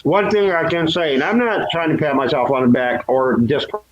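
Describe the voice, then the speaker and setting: A man talks fairly quickly in a lo-fi recording, casually and candidly recalling his past. He laughs at himself and raises his pitch whenever he imitates what someone else said.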